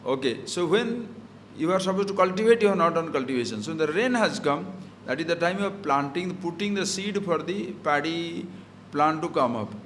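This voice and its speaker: A man's voice: on the high side, animated, normal speed, a bit bright, a little hiss or hum. A man giving a scripture talk, explaining Sanskrit verses with everyday examples and rhetorical questions. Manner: mixes Sanskrit verses into English. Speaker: spiritual teacher.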